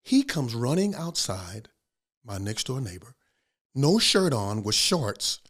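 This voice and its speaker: A man's voice: mid-range voice, very animated, slow pace, breathy edge. An older man, a pastor, telling a story in an interview and acting out the people he quotes. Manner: acts out quoted voices, laughs often.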